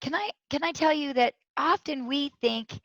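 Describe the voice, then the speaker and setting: A woman speaker, a guest in an interview, telling a personal story with lively quoted voices. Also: sits high, moderate pace, no room sound. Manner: animated, tells stories with quoted voices. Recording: dull lo-fi sound.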